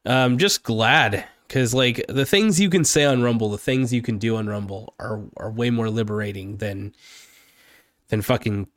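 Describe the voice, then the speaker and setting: A man rants into a close mic, angry and rambling, swearing often. His voice sits in a middle pitch and sounds dry, with no room echo at all. It is an unscripted, heated vlog monologue. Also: moderate pace, fairly bright tone. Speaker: political vlogger. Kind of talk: unscripted political rant.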